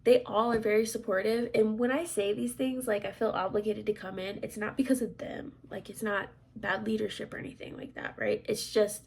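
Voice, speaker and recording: A woman in her thirties chatting casually as a vlogger, rambling with lots of fillers, clearing her throat often and dropping to soft asides. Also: medium pitch, fairly even intonation, fairly quick, hardly any pauses, a little hiss or hum. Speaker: crafts vlogger and military instructor. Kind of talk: casual chat.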